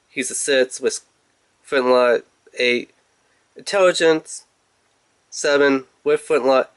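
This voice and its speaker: A man's voice: medium pitch, fairly bright tone, smooth. A man casually reviewing a toy in a rambling, playful, chatty way.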